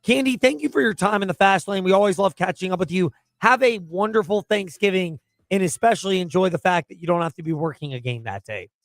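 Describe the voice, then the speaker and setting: A man hosting a sports talk radio show, reading segment teases in a brisk, announcer-like way. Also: high-pitched, no echo, clean studio sound.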